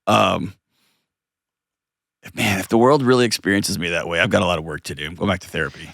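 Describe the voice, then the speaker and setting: A man hosting a call-in advice show, talking with a lively, joking, self-mocking energy. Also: low-pitched, a little fast, gravelly, dry recording, studio quality. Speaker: host.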